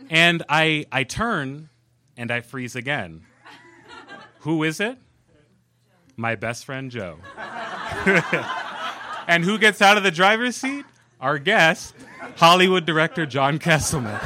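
A man telling a personal story on stage at a live storytelling event, animated and laughing as he goes. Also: fairly high pitch, takes it slowly, long pauses, noisy background. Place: live event venue with audience.

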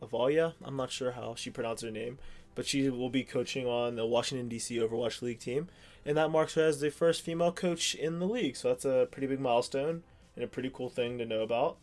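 A fast, darkish mid-range voice belongs to a young man from the Pittsburgh area who co-hosts a podcast. His casual chat is rambling, with lots of ums and restarts.

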